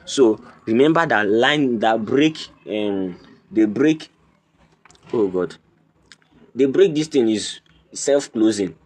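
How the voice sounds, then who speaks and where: A man's voice: mid-range voice, lively intonation, slow, long pauses. A man hosting a coding tutorial, walking through each step in a teacherly way, repeating points and checking "can you see". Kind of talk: screen-recorded tutorial walkthrough.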